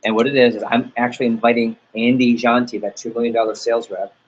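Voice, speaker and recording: A man's voice: mid-range voice, flat delivery, fast, breathy edge, muffled recording. A man leading a sales team training talk, upbeat and motivational, acting out little dialogues as he goes. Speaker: sales office manager.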